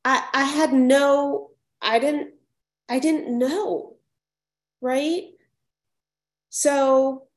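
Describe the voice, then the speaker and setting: Woman speaker at a support meeting; unhurried, reflective personal share; mid pitch; echoey room. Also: a little mellow. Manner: reflective, repeats phrases, frequent "right?".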